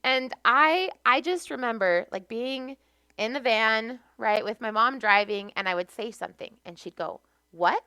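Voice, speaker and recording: Bright, clear-voiced American woman. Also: a little high, normal speed, no room sound. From United States. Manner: animated, laughs often while telling stories. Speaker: podcast guest. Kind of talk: casual storytelling.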